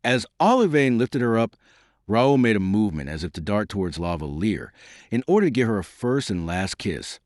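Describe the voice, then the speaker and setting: A man narrating a classic novel as an audiobook in a measured, expressive reading. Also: fairly low pitch, dry recording, studio quality. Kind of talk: scripted narration.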